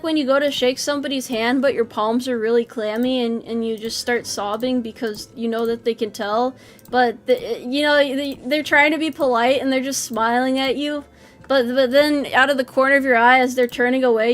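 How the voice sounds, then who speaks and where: A woman's voice: high-pitched, fairly bright tone. A woman streaming a game, chatting casually with rambling self-deprecating jokes and nervous laughs. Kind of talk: casual game livestream chat.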